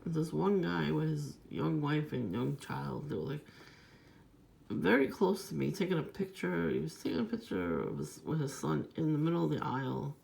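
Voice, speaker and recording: Woman, heavy vocal fry, gravelly, rambling and profane, casual vlog monologue. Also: low-pitched, expressive, normal speed, darkish tone, slight background noise. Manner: rambling, profane, aggrieved storytelling. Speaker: vlogger.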